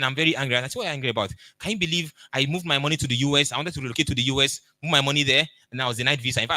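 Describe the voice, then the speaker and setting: Bright emphatic Nigerian man coaching. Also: mid-range voice, dry recording. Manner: storytelling, emphatic, acts out dialogue. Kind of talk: motivational talk.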